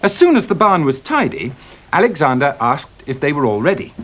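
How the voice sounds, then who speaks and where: A man reading a children's story aloud with gentle, expressive delivery. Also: fairly high pitch, a little fast.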